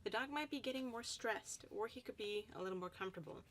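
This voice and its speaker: A woman dog trainer giving a calm instructional voice-over, now and then speaking a dog's thoughts in quotes. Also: fairly high pitch, quick pace, slight background noise. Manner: explains calmly, voicing the dog's thoughts in quotes.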